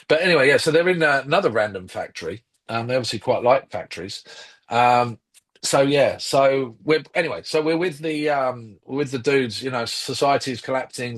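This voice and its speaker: A man co-hosting a film podcast, chatting casually and rambling with lots of ums and restarts. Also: medium pitch. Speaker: podcast co-host. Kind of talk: casual film review chat.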